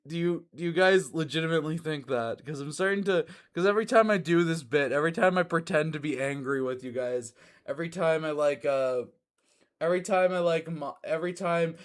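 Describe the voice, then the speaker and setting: A livestreamer chatting casually with their audience, rambling and restarting sentences. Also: mid-range voice. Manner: rambling, stumbles and restarts, laughs often. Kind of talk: casual stream chat.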